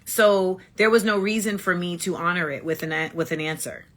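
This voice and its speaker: A woman talking straight into her phone on a live stream, blunt and emphatic, circling back to say the same thing twice. Her voice sits fairly low yet sounds bright and forceful. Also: fairly quick. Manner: blunt and emphatic, repeats points. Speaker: livestream host. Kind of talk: casual livestream monologue.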